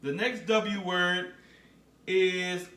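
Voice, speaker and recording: A man teaching a phonics lesson to young children, slowly repeating words for them to say back. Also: high voice, steady tone, bright, forceful tone, roomy sound, distant mic.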